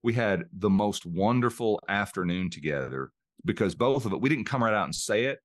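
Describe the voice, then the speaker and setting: A man's voice: on the low side, animated, moderate pace, no room sound, studio quality. A middle-aged man, a podcast guest, earnestly telling a personal story and openly showing emotion. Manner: earnest, open about emotion, repeats words while searching. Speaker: podcast guest, mind coach. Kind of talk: reflective interview storytelling.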